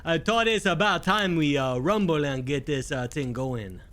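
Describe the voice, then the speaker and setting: A man voicing an easygoing Cajun man from the bayou, with a Cajun accent and a relaxed, drawling delivery. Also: fairly high pitch, normal speed. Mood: laid-back.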